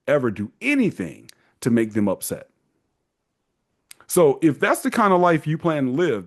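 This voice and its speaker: A man hosting a casual advice monologue, talking in an animated way and mocking the people he quotes. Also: mid-range voice. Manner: animated, acts out quoted parents in mocking voices. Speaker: host giving men's advice.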